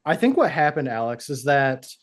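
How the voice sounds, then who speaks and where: A podcast co-host with a mid-range voice casually recaps a TV episode at a moderate pace. He is animated, acting out the characters' lines as he goes.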